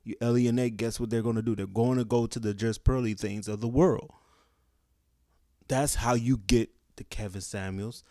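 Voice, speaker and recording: A man's voice: mid-range voice, steady tone, moderate pace, warm tone, no room sound. Passionate preachy man, dry sound. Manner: passionate, preachy, keeps asking "guess what?". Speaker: commentary vlogger. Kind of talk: opinion commentary to camera.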